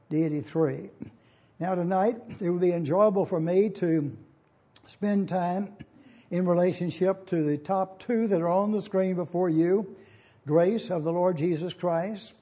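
A man preaching a sermon, teaching in a measured, formal pulpit manner and reading scripture aloud. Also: high voice, dark tone, breathy edge, dull audio.

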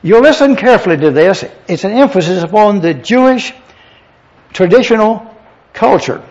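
A man's voice: high-pitched, expressive, normal speed, a little mellow. A man preaching a teaching sermon, addressing the congregation directly and spelling words out letter by letter. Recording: dull lo-fi sound.

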